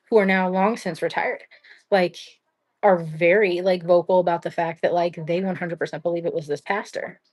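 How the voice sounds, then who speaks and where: Her voice low and somewhat dark, this young woman recounts a true-crime case on her livestream. The telling is blunt and meandering, loaded with "like" and offhand swearing.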